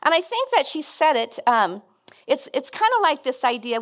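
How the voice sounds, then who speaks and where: A woman's voice: sits high, sing-song, normal speed. Earnest middle-aged woman preaching. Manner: conversational, earnest, with frequent restarts. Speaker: guest speaker. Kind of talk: sermon.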